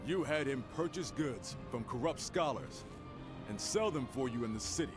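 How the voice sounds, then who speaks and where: A man's voice: medium pitch, expressive, normal speed, lightly acted. An actor playing an earnest young man who stands up for starving villagers, in an indignant, commanding manner. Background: game music.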